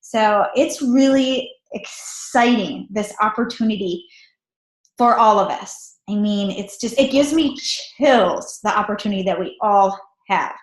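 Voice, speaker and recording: A woman's voice: mid-range voice, a little slow, reverberant. A woman hosting a team call, talking in an enthusiastic, motivational way. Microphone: call audio.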